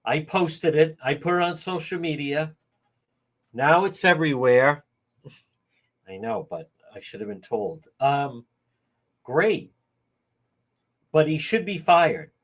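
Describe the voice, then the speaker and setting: A man's voice: fairly high pitch, lively intonation, slow pace, long pauses. A man hosting a livestream, talking heatedly and indignantly to his viewers and greeting them by name. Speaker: livestream host.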